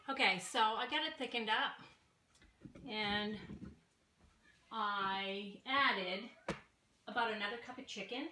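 Speaking slowly and pausing often, this sixty-something cooking vlogger has a medium-pitched voice that comes across pushed and bright. She talks folksily and chattily straight to her viewers from her home kitchen, where the recording is echoey with noticeable background noise.

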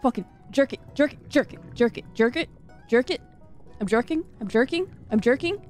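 Giggly young woman gamer, fairly high and bouncy voice, faint music underneath. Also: expressive, normal speed. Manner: loud, giggly, jokey country-girl banter. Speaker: streamer playing a fishing game. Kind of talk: excitable gaming commentary.

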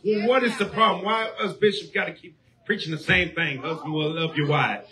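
Man, sermon, high pitch, forceful tone, call-and-response shouting. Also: fairly quick. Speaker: preacher.

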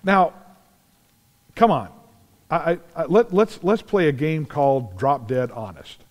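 A man preaching a sermon as pastor, telling Bible stories in an animated way and acting out the scenes. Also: medium pitch. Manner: animated storytelling, acts out scenes, shouts at climaxes. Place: large church sanctuary. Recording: long church reverb.

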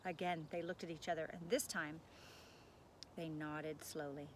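A woman narrating a children's book aloud in a measured, gentle storytelling manner. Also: sits low, fairly even intonation, a little hiss or hum.

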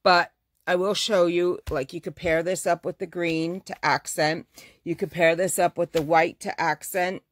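A woman's voice: on the low side, fairly even intonation, measured pace. A woman who owns a fabric shop, chatting through a casual live showcase of her fabrics. She gushes over the prints and corrects herself mid-sentence.

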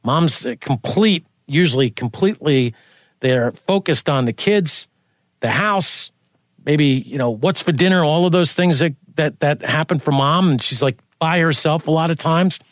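A man's voice: measured pace, no echo, clean studio sound. Rambling male podcast host. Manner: rambling, restarts questions, animated pitch jumps. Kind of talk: conversational interview.

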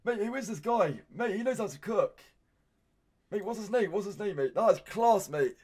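Excitable British streamer, high lively voice. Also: male voice, normal speed. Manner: excitable, loud outbursts, says "mate" constantly. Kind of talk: live-stream reaction commentary.

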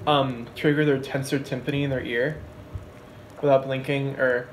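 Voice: medium pitch, normal speed, very noisy. A friend joining a home baking video, chatting playfully and joking around. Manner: playful, jokey, animated. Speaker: friend and guest. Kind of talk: casual chat.

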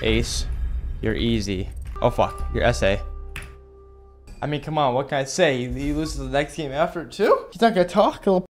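A young man giving casual gameplay commentary as a streamer, excitable and swearing, breaking into rapid callouts. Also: mid-range voice, faint music behind. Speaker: gaming streamer.

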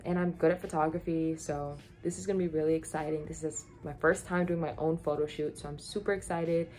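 A young woman chatting casually to her camera as a vlogger, excited and full of fillers. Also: lowish voice. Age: young adult. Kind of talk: casual vlog talk to camera. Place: in a car, then on a college campus.

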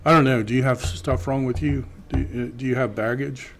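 A man teaching a Greek class, slowly reading Greek aloud and then translating it. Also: mid-range voice, steady tone, gravelly, slight background noise. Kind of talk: classroom lecture.

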